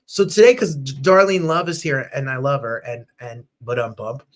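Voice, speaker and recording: A man in his thirties from New Jersey hosting a lively live-stream chat show, gushing and bubbly, sometimes jumping into falsetto squeals and bits of song. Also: moderate pace. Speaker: host.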